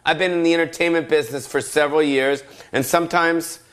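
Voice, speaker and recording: A middle-aged man hosting a solo comedic podcast rant, rambling and profane, cutting himself off and now and then breaking into yells. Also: a little high, fairly even intonation, quick pace, clean tone. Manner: rambling, profane, self-interrupting, bursts of yelling. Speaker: podcast host.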